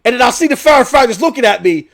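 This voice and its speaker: A man hosting a gaming news stream, telling a rambling story in a loud, animated way. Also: very high-pitched, racing, gravelly. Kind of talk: casual storytelling rant.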